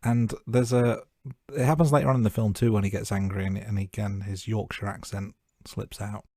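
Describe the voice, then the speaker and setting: A man's voice: on the low side, fairly even intonation, fairly quick, a little mellow, no room sound, studio quality. A man co-hosting a film review podcast, chatting casually and raising wry, jokey questions about the plot. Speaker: podcast co-host. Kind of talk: casual movie review chat.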